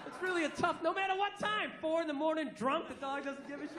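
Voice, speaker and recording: Brash, high-voiced comedian in his forties. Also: fast, few pauses, heavy background noise. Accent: Boston. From Massachusetts, USA. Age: 40s. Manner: brash, profane, ranting with mock outrage. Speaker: stand-up comedian. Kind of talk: stand-up comedy set. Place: theater stage. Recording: echoey theater with crowd laughter. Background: audience laughter and ambience.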